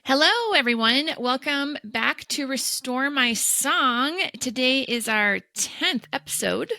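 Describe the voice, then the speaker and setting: A woman in her thirties hosting a podcast, chatting and telling stories in a lively, animated way on a close mic. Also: high voice, slow. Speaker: podcast host. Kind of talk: casual podcast chat.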